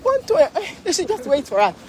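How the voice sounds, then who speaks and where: A woman's voice: sits high, wildly swooping pitch, fast, crowd noise. A Ghanaian woman vlogging live while walking along a street parade, tired from the walk, chatty and exclaiming. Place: outdoor city street at a parade.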